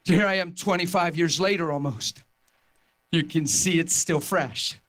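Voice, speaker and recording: A man preaching a sermon, telling a personal testimony with impassioned storytelling that rises toward shouting. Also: on the high side, moderate pace. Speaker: pastor.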